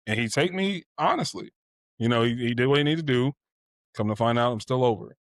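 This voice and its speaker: Speaking at a quick pace in a medium-pitched voice, a twenty-something man shares a personal story openly on a podcast. His reflective, casual telling leans on "you know" and similar fillers, captured dry in a clean studio.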